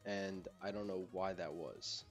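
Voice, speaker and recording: A man's voice: deep voice, fairly even intonation, a little slow, faint music behind. A young man hosting a casual podcast, talking in a rambling, laid-back way with lots of fillers. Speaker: podcast host. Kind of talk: casual chat.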